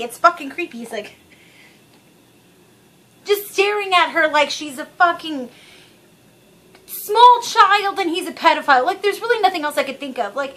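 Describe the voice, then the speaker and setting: A woman's voice: very high-pitched, lively intonation, moderate pace, pauses often, a bit bright. A woman vlogging to camera, chatty, rambling and frankly profane. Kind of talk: casual chat to camera.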